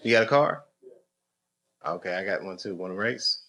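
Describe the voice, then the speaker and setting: A man's voice: low-pitched, expressive, normal speed, background noise. A middle-aged man, a comedian, joking loosely with people in a live club. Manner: loose, joking, chatty with the audience. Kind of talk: casual crowd banter on stage.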